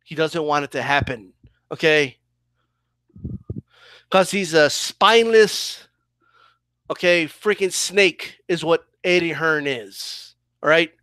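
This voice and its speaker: A man rants about boxing in a fired-up voice and keeps asking "okay?" and "right?". His voice is high and bright. It sounds dry and close. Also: slow pace, long pauses, clear, resonant tone, no echo. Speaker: boxing commentator. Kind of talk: heated opinion rant.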